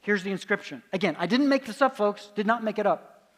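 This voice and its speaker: A man delivers a lecture at a conference in a high, light voice. He keeps quizzing his listeners and then answers his own questions. His words echo with a long reverb through a large hall. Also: brisk. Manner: asks the audience quiz questions and answers them himself.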